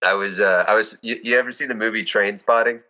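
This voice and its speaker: A man's voice: on the low side, fast talker. A young American man, a guest actor, chatting casually and acting out voices in his stories. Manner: animated storyteller, acts out voices. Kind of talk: casual chat.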